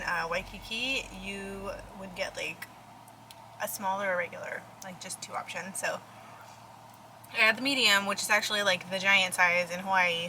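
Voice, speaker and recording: A woman's voice: medium pitch, rough recording. A young woman vlogging casually from her car and a restaurant, chatting in a rambling way with many fillers. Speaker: photographer vlogger. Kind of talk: casual vlog narration.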